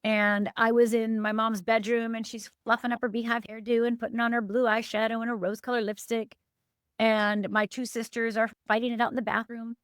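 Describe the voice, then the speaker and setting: On a podcast, a middle-aged woman from Upper Michigan, USA, who works as a life coach, tells an emotional story of personal pain with earnest emphasis and abrupt pitch lifts and drops. Her delivery is flat, brisk and smooth, in a dry, studio-quality recording.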